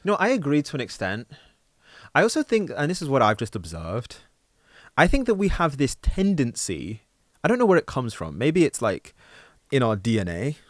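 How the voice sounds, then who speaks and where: London man, casual and animated. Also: medium pitch, moderate pace, dry recording, studio quality. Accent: London English. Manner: animated, acts out quoted people. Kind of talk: casual conversation.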